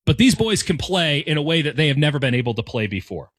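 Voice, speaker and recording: A man's voice: on the high side, big pitch swings, fast talker, dry recording. A man in his thirties with an American accent, talking through a candid, wry, self-deprecating opinion monologue in his home room. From United States. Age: 30s. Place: home room decorated with soccer scarves and flags.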